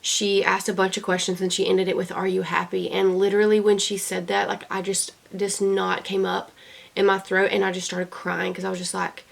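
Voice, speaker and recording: A woman's voice: mid-range voice, completely flat delivery, normal speed, vocal fry. A young woman recording a personal video diary for her future self, talking in an earnest, rambling way with many fillers and restarts. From United States. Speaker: beauty vlogger.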